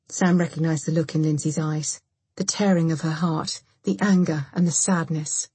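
A woman narrating a thriller audiobook in an even, measured way. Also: sits low, husky, dry recording. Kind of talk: scripted narration.

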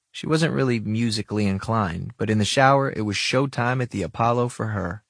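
A man's voice: fairly low pitch, brisk, gravelly, few pauses, no room sound, clean studio sound. A man narrating a first-person story with wry, casual asides.

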